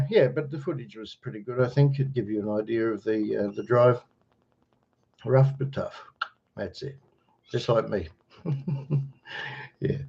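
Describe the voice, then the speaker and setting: A middle-aged Australian man chats loosely to his livestream viewers, wandering between stories, greeting people by name and chuckling at his own jokes. His voice sits in a plain middle pitch. The webcam microphone gives the sound a slightly dull, muffled edge. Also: vocal fry, darkish tone. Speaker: livestream host. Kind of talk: casual livestream chat answering viewers.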